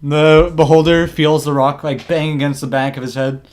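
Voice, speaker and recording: A man narrating as game master of a tabletop game, halting and full of restarts. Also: a little high, steady tone, a little mellow, a little hiss or hum. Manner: halting, many fillers and restarts.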